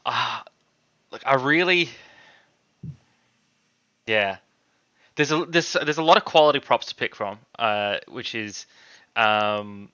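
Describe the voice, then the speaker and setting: A man's voice: medium pitch, pushed and bright, clean tone, dull audio. A man from Australia co-hosting a casual fantasy draft chat, rambling and correcting himself as he picks. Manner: rambling, self-correcting, easily laughs at himself. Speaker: co-host.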